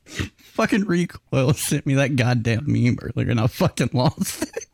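A man's voice: mid-range voice, a little slow, creaky. A man hosting a casual veterans' talk show, telling stories with heavy swearing and frequent laughter. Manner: profane, laughs often, lively storytelling. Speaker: podcast host. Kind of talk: casual chat.

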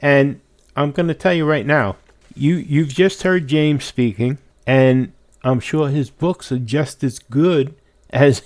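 A man's voice: medium pitch, slow pace, darkish tone. A man hosting a podcast interview, encouraging and enthusiastic with his guest. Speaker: podcast host. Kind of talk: conversational interview.

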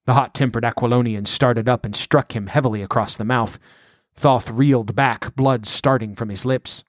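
Man reading a fantasy story, steady, mid pitch, dry close mic. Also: normal speed, no room sound. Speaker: audiobook narrator. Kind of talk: scripted narration.

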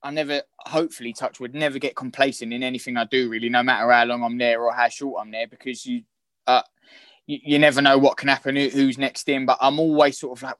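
A man with a London accent, a guest actor chatting in a rambling, halting way with many restarts. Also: medium pitch, a bit bright, no echo. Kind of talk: casual chat.

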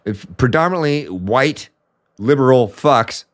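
A man's voice: medium pitch, expressive, unhurried. A man from the United States hosting a political commentary show, ranting with anger and profanity. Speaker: podcast host.

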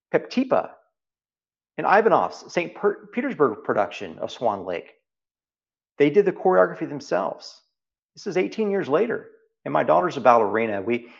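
Here a middle-aged private equity CEO with a Texas accent is being interviewed, reflecting on things with emphasis and repeated phrases. His creaky voice sits at medium pitch, and the recording has its highs cut off.

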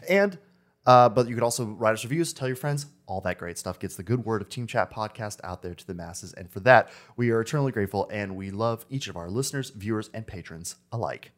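Man, podcast co-host, brisk and upbeat delivery. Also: fairly low pitch, expressive. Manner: upbeat, rapid sponsor shout-outs. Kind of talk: casual podcast chat.

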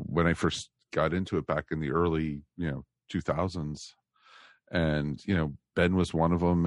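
A man's voice: extremely low pitch, a little mellow, no room sound, clean studio sound. An American man hosting a podcast, talking casually and rambling with many fillers. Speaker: podcast host.

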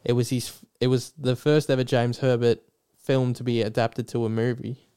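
Aussie guy rambling on a podcast, swears a lot, smooth clear voice. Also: mid-range voice, little pitch movement, normal speed, warm tone. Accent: Australian. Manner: chatty, swears freely, rambling restarts. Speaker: podcast co-host. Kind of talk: casual chat.

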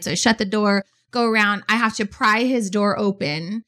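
A woman in her forties casually telling a story as a podcast host, animated and full of fillers. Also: on the high side, a little fast, hardly any pauses. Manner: animated, chatty, many "like" fillers.

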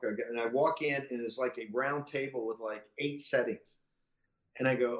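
A man's voice: medium pitch, fairly even intonation, fairly quick. Male podcast guest, loose profane storyteller who acts out the other voices; muffled, echoey room sound. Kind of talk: casual anecdotal storytelling.

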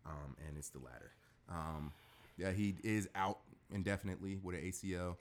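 A man's voice: low-pitched, normal speed. A man hosting a casual sports podcast, rambling with fillers and swearing freely.

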